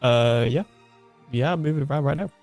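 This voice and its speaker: A man's voice: mid-range voice, fairly quick, darkish tone. A man on a gaming stream reading out chat messages in a playful, casual way. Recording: faint music behind.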